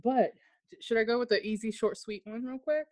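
A woman's voice: on the high side, steady tone, normal speed, a little mellow. A woman hosting a podcast, chatting casually and expressively, often breaking into laughter. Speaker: podcast host. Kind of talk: casual chat.

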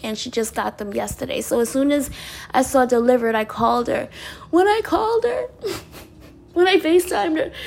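A woman chatting casually with viewers as a wellness vlogger, bubbly and laughing often, sometimes dropping to soft breathy asides. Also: high-pitched. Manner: bubbly, laughs often while telling stories.

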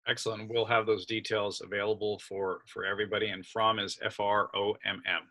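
Bright, upbeat male podcast host. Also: on the low side, a little fast. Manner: upbeat, jokey, animated. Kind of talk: casual podcast interview.

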